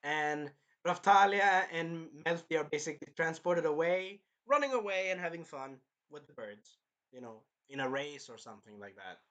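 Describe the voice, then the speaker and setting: A man talks through an anime episode in a loose, rambling recap, tossing in jokes as he goes. His voice is bright and sits a little high. It swoops around a lot in pitch. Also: moderate pace, dull audio. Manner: rambling, animated, jokey. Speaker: anime reviewer.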